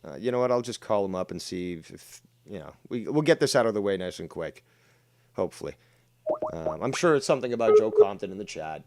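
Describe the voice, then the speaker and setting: A man's voice: on the low side, expressive, a little fast, background noise. A man hosting a livestream drama commentary show, talking in a profane, mocking, rambling way. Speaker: host.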